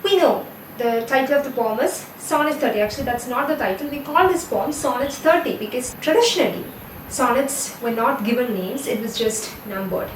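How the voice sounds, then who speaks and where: A woman's voice: fairly high pitch, animated, moderate pace, slight background noise. A woman with an Indian English accent giving a recorded literature lecture, explaining steadily and correcting herself now and then. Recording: echoey room, voice from a distance, faint ambience.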